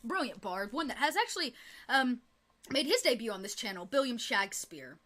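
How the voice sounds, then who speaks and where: A woman's voice: on the high side, sing-song, brisk, fairly bright tone. A woman narrating a tabletop game as game master, giggly and full of fillers.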